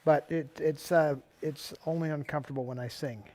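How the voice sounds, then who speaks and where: A man's voice: fairly high pitch, steady tone, fairly quick, a little mellow. A man chatting casually with the host, telling a story with dry, understated humor. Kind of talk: casual conversation.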